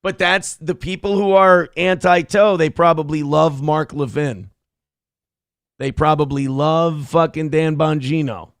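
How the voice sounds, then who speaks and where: A young man hosting a live show, reading donation messages and ranting with heavy swearing in fast, heated bursts. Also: fairly high pitch, steady tone, dry recording, clean studio sound. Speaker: livestream show host. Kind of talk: profane political rant and chat reading.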